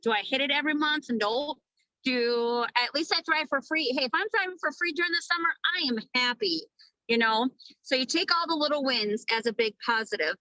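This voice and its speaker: A woman from Minnesota gives an upbeat, casual pep talk to her sales team, swearing now and then. Her voice sits a little high and comes across bright and forceful. The recording is dry and close, with no room echo. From Minnesota, USA. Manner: energetic, casual, swears freely. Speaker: network marketing team leader. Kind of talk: motivational training talk.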